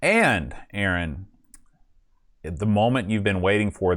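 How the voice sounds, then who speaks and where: A man's voice: deep voice, lively intonation, slow, a bit bright. A man hosting a live podcast stream in casual chat, rambling and self-deprecating with many fillers. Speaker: podcast host.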